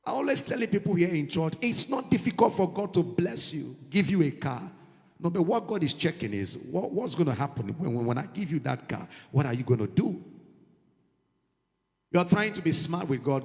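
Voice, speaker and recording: A man preaches an animated sermon and slips into pidgin asides. His voice sits fairly high and carries a gravelly rasp. A long reverb from the church hall trails each phrase. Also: brisk. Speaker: pastor.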